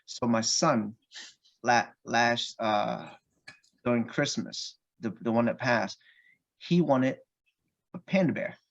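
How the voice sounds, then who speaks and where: A man telling a personal family story on a podcast in a lively, anecdotal way, with frequent restarts. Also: medium pitch, takes it slowly, gravelly, pauses often, lo-fi sound. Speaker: podcast guest. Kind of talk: casual storytelling.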